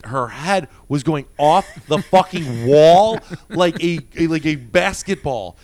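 A man in his thirties, a former bouncer, telling a wild story in casual chat and acting out the quotes loudly. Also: fairly high pitch, a little slow. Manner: animated, profane, acts out quotes with loud jumps.

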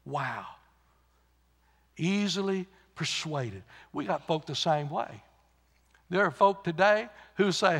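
A man's voice: fairly high pitch, lively intonation, slow pace, vocal fry, pauses often, husky. Impassioned preacher man, church reverb. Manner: impassioned, swinging between loud emphasis and hushed asides. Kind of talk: sermon.

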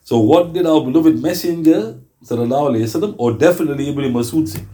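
Emphatic male teacher, mellow tone. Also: on the high side. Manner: emphatic, rhetorical questions, rapid citation lists. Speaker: Islamic teacher. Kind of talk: religious lesson with hadith references.

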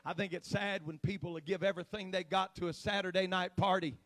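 A man preaching a sermon in church, dropping into low, chatty asides and rising to loud, shouted exhortation. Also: little pitch movement. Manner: swings from low conversational talk to shouted, drawn-out exhortation.

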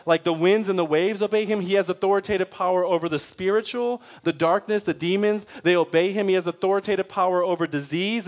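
Guy preaching a sermon, kinda high voice, keeps saying right?, acts out people pleading. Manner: conversational preaching, often asks "right?". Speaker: pastor.

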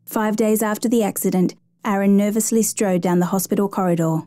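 A woman reading a true rescue story aloud in steady, measured scripted narration, lightly voicing the quoted lines. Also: mid-range voice, no echo.

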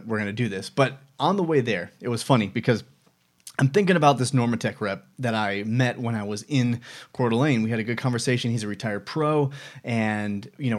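A man in his thirties hosting a casual personal vlog, talking reflectively with many fillers and restarts. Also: medium pitch. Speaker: vlog host.

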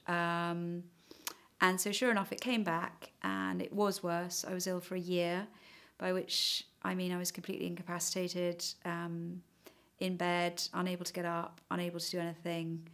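A woman's voice: on the low side, a bit bright. A middle-aged woman giving a hesitant, reflective personal account in conversation, with frequent fillers. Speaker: interviewee.

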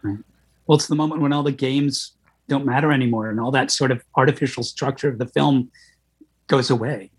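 A man's voice: mid-range voice, steady tone, a little fast, breathy edge. A man on a film podcast discussing a performance thoughtfully, stacking up restarts as he thinks.

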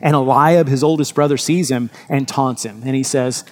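A man's voice: mid-range voice, fairly even intonation, normal speed, hardly any pauses. A man preaching a sermon as pastor, earnest and emphatic, often restarting his words.

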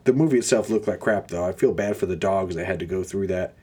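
A young man with a low, slightly husky voice rants his way through a podcast monologue. He groans and mocks in a sarcastic, offhand way, as a host griping casually. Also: fast, a little mellow.

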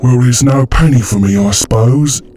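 Taunting old demon orb, loud, strange-toned voice, a man putting it on. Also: mid-range voice, moderate pace, slight background noise, close to an everyday voice. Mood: smug. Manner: smug, taunting. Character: mocking old man turned floating flesh-orb demon.

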